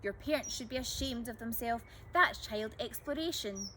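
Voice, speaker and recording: A woman's voice: fairly high pitch, normal speed, bright, forceful tone, a little hiss or hum. A woman doing a squawking, fussy old lady. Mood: indignant. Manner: squawking, tutting and scolding. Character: fussy indignant old woman who muddles her words.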